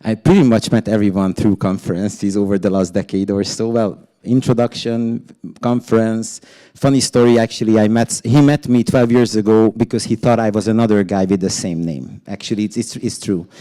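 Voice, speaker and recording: A man's voice: on the low side, steady tone, brisk, hardly any pauses, mellow. A man moderating a panel, chatty and a little stumbling, with small jokes. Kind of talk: casual moderation.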